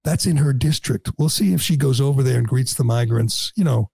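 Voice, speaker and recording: Gravelly, sarcastic talk radio man. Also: mid-range voice, a little fast, a little mellow, no room sound. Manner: sarcastic, mocking. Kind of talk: opinionated talk radio commentary.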